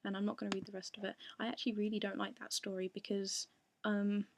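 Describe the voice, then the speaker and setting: A woman's voice: medium pitch, little pitch movement, vocal fry, no room sound. A young woman answering fan questions in a casual voice meme, hesitant and full of ums. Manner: hesitant, with many pauses and ums.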